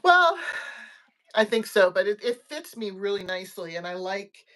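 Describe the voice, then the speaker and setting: A woman hosting a crochet livestream in casual chat, giggly and rambling, often trailing off softly. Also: medium pitch, sing-song, normal speed.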